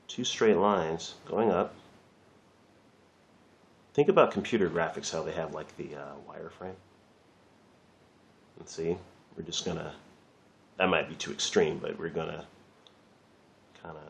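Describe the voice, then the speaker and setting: A man's voice: deep voice, fairly even intonation, measured pace, creaky, long pauses, slight background noise. A man giving a casual, rambling drawing lesson while he works, chatting loosely and swearing lightly. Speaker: art teacher.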